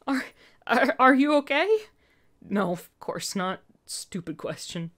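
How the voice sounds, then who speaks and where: A woman's voice: fairly low pitch, fairly even intonation, takes it slowly, slightly rough, heavily acted. A woman voicing a distraught young adult caregiver whose voice cracks as they plead and soothe. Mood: shaky.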